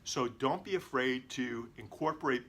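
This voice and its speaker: Animated man coaching on camera. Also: mid-range voice, normal speed. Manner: animated, varies tone and volume for emphasis. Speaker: lawyer and video coach. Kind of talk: presenting tips to camera.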